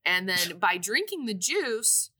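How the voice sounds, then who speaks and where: Bright-voiced woman recapping a movie. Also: mid-range voice, slow, husky. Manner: animated retelling with quoted voices. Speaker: podcast co-host. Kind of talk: casual movie recap chat.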